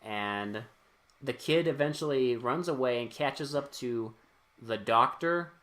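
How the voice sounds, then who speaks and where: A man's voice: mid-range voice, a bit bright. Profane man recapping a movie. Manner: profane, joking, retells scenes in quick quoted lines. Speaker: podcast co-host. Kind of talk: casual movie recap chat.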